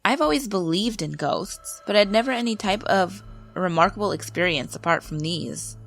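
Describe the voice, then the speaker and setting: A woman calmly reading paranormal stories aloud as a channel's narrator, in a measured, scripted delivery. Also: mid-range voice, vocal fry. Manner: calm, measured storytelling read. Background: faint background music.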